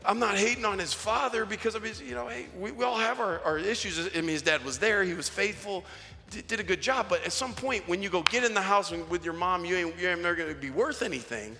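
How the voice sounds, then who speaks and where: A man's voice: on the high side, fairly quick, faint music behind. Youth pastor, male, preaching casually with punchy emphasis; long hall reverb. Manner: casual, slangy preaching that swings from hushed asides to emphatic calls. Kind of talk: sermon.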